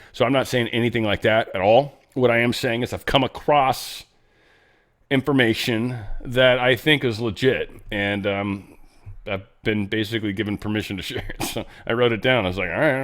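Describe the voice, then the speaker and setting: A man's voice: on the low side, fairly quick, fairly bright tone. A man hosting a casual political commentary show, rambling and restarting his thoughts with irreverent, jokey asides. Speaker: show host.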